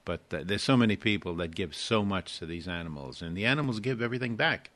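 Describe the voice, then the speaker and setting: A man's voice: fairly low pitch, expressive, fast talker, fairly bright tone. An older man from New York, a guest co-host on a radio show, telling stories and joking in a casual way with many fillers.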